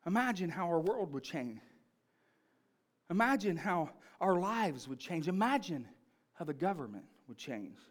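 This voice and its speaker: A male pastor preaching a sermon, telling family stories in an animated, punchy way. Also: sits high, unhurried.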